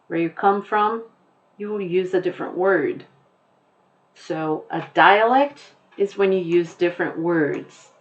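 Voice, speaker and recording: Slow-talking woman teacher, lo-fi sound. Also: on the low side. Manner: slow, patient explaining with examples. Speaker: English teacher. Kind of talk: recorded class lesson.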